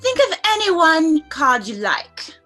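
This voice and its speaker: A woman's voice: extremely high pitch, big pitch swings, a little slow, pushed and bright, faint music behind, exaggerated voice. A woman playing an eccentric conjurer and ventriloquist, showy and teasing as she performs tricks. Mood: playful. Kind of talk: stage play acting.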